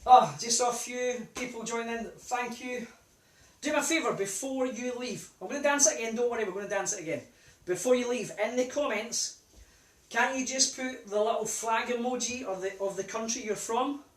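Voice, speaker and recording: A man's voice: very high-pitched, moderate pace. A man in his forties, a line dance instructor with a British accent, calling steps in a raised sing-song voice and then chatting, out of breath. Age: 40s. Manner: chatty and relaxed between dances. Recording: distant mic in an echoey room. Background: music playing.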